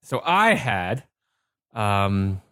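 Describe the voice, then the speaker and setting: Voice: low voice, sing-song, drawn-out words, pushed and bright, no echo, studio quality. A podcast co-host chatting casually, playful and hesitant, with many fillers. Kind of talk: casual chat.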